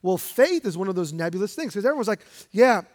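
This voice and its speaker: This pastor talks fast in a high-pitched, very animated voice, pressing his sermon home emphatically and directly while questioning the congregation, all under long hall reverb.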